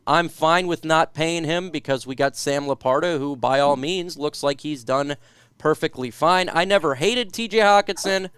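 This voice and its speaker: A man hosts a casual sports chat, reading out viewer questions and answering them one by one. His voice sits a little high, smooth and crisp. The sound is dry and close, with no room in it. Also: moderate pace, fairly bright tone, no room sound. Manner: reads viewer questions aloud then answers. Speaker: podcast host reading live chat.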